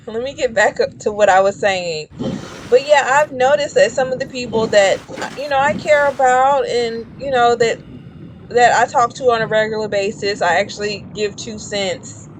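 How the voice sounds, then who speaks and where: A woman's voice: on the high side, a little hiss or hum. A woman chatting casually while streaming a game, rambling and shrieking when startled. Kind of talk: casual gameplay commentary.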